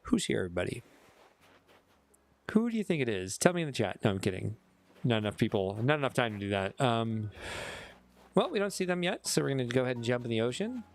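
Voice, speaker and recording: His mid-range voice swings widely in pitch, moving quickly but stopping often. The man, a streamer with a Chicago accent who's mildly tipsy from whiskey, chats casually with viewers on a game livestream, rambling and mocking himself along the way.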